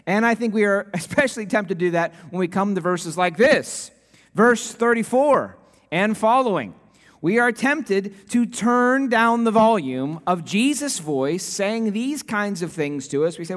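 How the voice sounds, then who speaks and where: A man's voice: sits high, animated, a little slow. Earnest male preacher in a reverberant church. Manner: earnest, conversational preaching with everyday illustrations. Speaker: pastor. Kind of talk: sermon. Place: church sanctuary. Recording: long reverb of a church hall.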